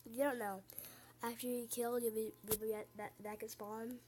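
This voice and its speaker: A woman with a scratchy voice rambles through casual gameplay commentary, often quiet and halting, full of fillers and restarts. A faint hiss and clicking sit behind her. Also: a little high, flat delivery. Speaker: gamer.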